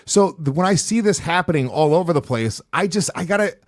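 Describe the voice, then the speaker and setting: A man hosting a podcast, swearing freely as he tells animated stories. His voice sits a touch high for a man, and the recording is dry and close, with no room sound. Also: brisk, dry recording. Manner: profane, animated storytelling. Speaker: podcast host. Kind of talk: casual podcast chat.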